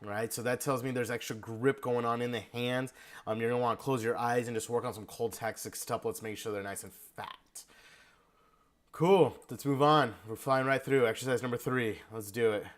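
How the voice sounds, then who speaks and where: A man's voice: medium pitch, steady tone, normal speed. A man giving casual feedback in an online percussion lesson, now and then singing the rhythms on syllables. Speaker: percussion instructor.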